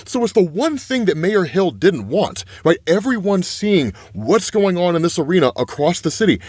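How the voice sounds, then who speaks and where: A man recaps a comic book in casual, excitable commentary, peppering his lines with "right?". His voice sits fairly high and swings widely in pitch. The sound is dry and close. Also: moderate pace, no room sound. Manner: excitable, keeps adding "right?".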